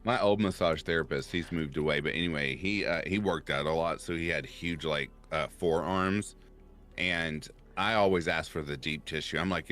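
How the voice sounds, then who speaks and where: A man chatting casually as a podcast guest, joking and telling animated stories. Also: a bass voice, normal speed. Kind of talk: casual chat.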